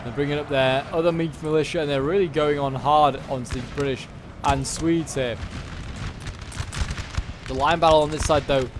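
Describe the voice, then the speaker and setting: A man with a slightly raised pitch talks through a strategy game battle in chatty play-by-play, dropping wry asides as the fight unfolds. A clear bed of background noise sits under his voice-over. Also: fairly even intonation, moderate pace, long pauses. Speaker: gameplay commentator.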